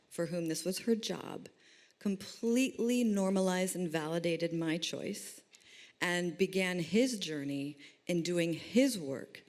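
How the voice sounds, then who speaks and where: A middle-aged woman speaking as a doula at a panel discussion. Her voice sits low, and she talks with emphatic, animated storytelling.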